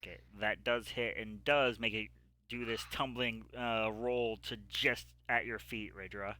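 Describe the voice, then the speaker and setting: A man running a tabletop game as game master, narrating combat in a halting way with many pauses and fillers. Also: on the low side, fairly even intonation, sharp tone. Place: home setup, streamed live.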